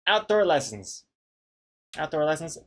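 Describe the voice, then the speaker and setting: A man with a fairly high, slightly bright voice and big pitch swings hosts a casual live stream at a measured pace. He jokingly reads out viewers' pun suggestions and their names, laughing often.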